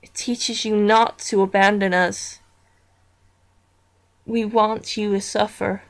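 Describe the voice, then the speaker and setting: A woman's voice: mid-range voice, flat delivery, takes it slowly. A woman voicing a vengeful haunted pet. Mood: menacing.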